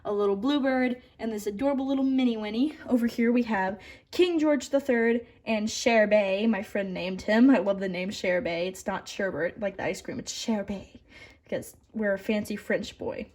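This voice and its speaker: This young woman talks at normal speed in a mid-range voice as she casually tours her model horse collection. She's cheerful and chatty, with the odd stutter or restart and asides that drift off quietly.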